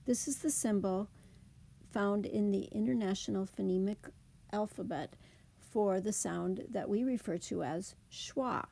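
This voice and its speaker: A woman teaching a slide presentation lesson, explaining slowly and carefully. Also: mid-range voice, vocal fry, dark tone. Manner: slow, careful, deliberate explanation.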